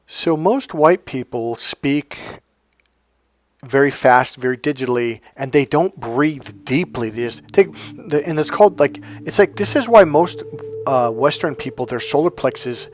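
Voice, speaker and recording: A man's voice: mid-range voice, animated, measured pace, dry recording. A middle-aged man coaching in a casual monologue, rambling and correcting himself as he goes, acting out breaths and sighs.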